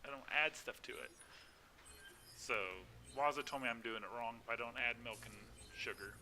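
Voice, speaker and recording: A man's voice: mid-range voice, moderate pace, pushed and bright. A man chatting casually and laughing often while live-streaming a game.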